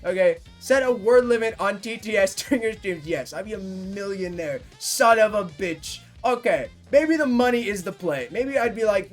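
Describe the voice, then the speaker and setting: A man of about nineteen, a livestreamer chatting casually with his viewers, rambling and swearing, quick to fake outrage. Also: high voice, animated, soft background music.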